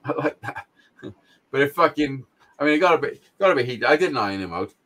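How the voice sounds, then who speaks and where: A man's voice: mid-range voice, animated, brisk, a bit bright. A middle-aged man, co-hosting a podcast and telling a blunt, sweary story with frequent laughs. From Wales. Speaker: podcast co-host. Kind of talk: casual storytelling chat.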